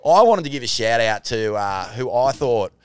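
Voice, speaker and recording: An Australian man riffing casually on a surf podcast, swearing freely and laid-back in his delivery. His voice is smooth and clear at a middle pitch, recorded close and dry. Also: big pitch swings, moderate pace, dry recording. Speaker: podcast co-host. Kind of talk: casual chat.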